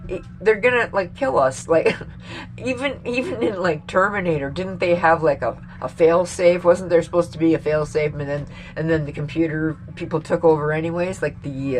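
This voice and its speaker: Low-voiced woman ranting casually. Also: slight background noise. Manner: rambling, profane, laughs often. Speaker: vlogger. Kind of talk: casual opinion rant to camera.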